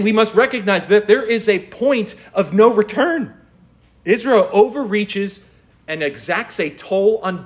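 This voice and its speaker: A man pastor preaching a sermon, reading scripture aloud and pressing his point with incredulous rhetorical questions. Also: high voice.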